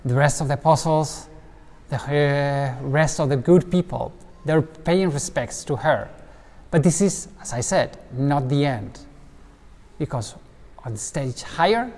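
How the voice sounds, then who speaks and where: Speaking in a mid-range voice, a man guides visitors around a stone cathedral cloister indoors. The tour is casual and he keeps it lively with explanations and asides, all wrapped in the long reverb of the stone walls.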